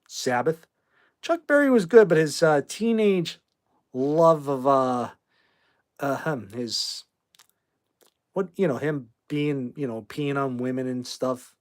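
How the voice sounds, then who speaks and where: A man's voice: medium pitch, takes it slowly. A man hosting a casual livestream from his phone, rambling about music and flaring up angrily at commenters in chat, swearing as he kicks them out. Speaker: livestream host.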